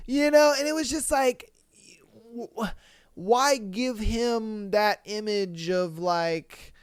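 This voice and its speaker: A man hosting a podcast, giving casual, animated, slangy commentary and laughing often. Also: high-pitched, a little slow, smooth, dry recording, clean studio sound. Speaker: podcast host. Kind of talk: casual reality-show commentary.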